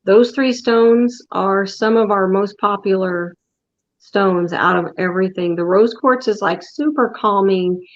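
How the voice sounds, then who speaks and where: A woman's voice: mid-range voice, a little slow. A woman who owns a metaphysical shop, talking as a guest in a casual interview, explaining things patiently and laughing easily. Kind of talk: casual interview over a video call. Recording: dull lo-fi call audio.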